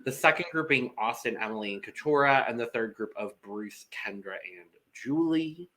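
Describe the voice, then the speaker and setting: Brief: male co-host, bright and forceful tone, animated and dramatic chat, quick to laugh. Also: medium pitch. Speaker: podcast co-host. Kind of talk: casual reality TV recap chat.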